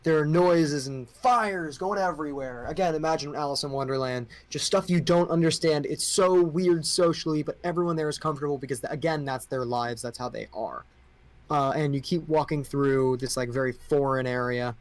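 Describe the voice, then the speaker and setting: A man's voice: fairly high pitch, moderate pace. Man narrating a tabletop game. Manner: loose, filler-heavy improvised description. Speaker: game master.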